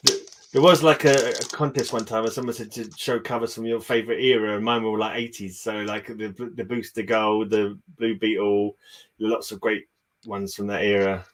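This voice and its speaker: A man's voice: fairly low pitch, little pitch movement, moderate pace, a little hiss or hum. Chatty man riffing on comics. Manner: chatty, jokey, restarts mid-sentence. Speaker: comic collector co-host. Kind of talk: casual chat.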